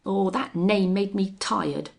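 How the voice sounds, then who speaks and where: A spoiled young rancher's son from a western audiobook, harsh and full of contempt, as a woman narrator puts him on. He talks slowly in a gravelly, sneering tone. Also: medium pitch. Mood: contemptuous. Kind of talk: audiobook reading.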